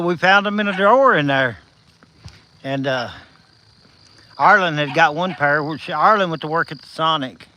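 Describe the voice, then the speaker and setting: The voice is on the high side, bright and forceful, over slight background noise in a low-quality recording. Out on a night walk with insects around, the Southern-accented man chats with his live-stream viewers by name, folksy and encouraging, somewhat breathless and slurring slightly without his top teeth.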